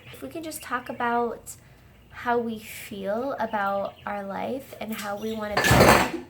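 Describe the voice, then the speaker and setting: A woman's voice: fairly high pitch, fairly even intonation, slow pace, noisy background. A woman hosting a casual home video discussion, earnest and enthusiastic, now and then acting out scenes in quoted voices. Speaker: host discussing a series.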